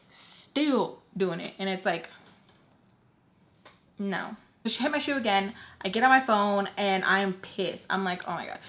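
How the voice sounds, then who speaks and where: A young woman telling a storytime on her own channel while doing her makeup, rambling with lots of fillers and animated quoted bursts. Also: medium pitch. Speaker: storytime vlogger. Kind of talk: casual storytime chat. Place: at home, doing makeup on camera.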